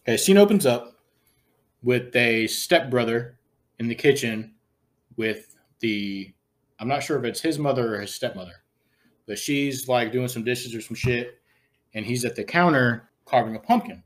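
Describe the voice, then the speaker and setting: A man's voice: medium pitch, moderate pace. A male podcast host in easygoing mid-range chat, telling a story with crude language and frequent laughter. His delivery is loose and conversational. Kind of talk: casual chat, retelling a scene.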